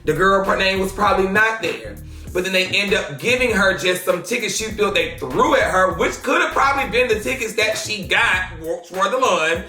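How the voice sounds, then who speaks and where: A man hosting celebrity gossip commentary, sassy and animated, breaking into shouts and laughter. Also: sits high, moderate pace. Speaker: host of a celebrity gossip show. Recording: roomy echo, faint music behind.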